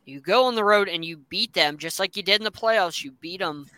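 A man's voice: high-pitched, a little fast, pushed and bright, smooth, no room sound. A man co-hosting a sports talk show, chatting casually and opinionated about football teams. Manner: enthusiastic, opinionated, rambling.

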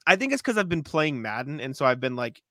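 A man's voice: medium pitch, big pitch swings, brisk, fairly bright tone, dry recording, studio quality. A man co-hosting a casual sports podcast, easygoing, laughing often and hedging with filler words. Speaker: podcast co-host.

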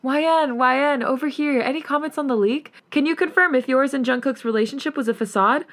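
A woman voicing pushy male paparazzi photographers who fire off questions, raising her voice higher and louder than her usual reading. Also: a little fast.

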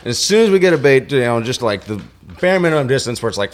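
Man, casual chat, animated pitch, profane, acts out voices. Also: quick pace. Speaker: fishing boat captain.

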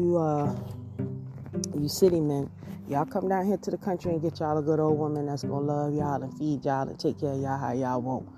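Woman, Southern accent, lowish voice, folksy podcast monologue, music playing underneath. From southern United States. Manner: folksy, repetitive, addresses listeners directly. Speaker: podcast host. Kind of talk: casual monologue.

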